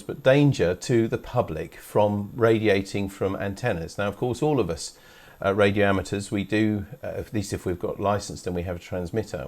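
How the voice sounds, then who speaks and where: A man from England hosting a live club webcast, talking informally with fillers and restarts. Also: lowish voice. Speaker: host.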